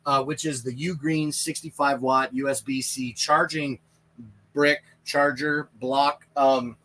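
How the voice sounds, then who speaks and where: Brief: man, Canadian accent, mid-pitched, casual rambling live-stream host in a camper. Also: level tone, takes it slowly, fairly bright tone. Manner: chatty and rambling, answers viewer questions. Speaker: livestream product reviewer. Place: inside a small camper trailer.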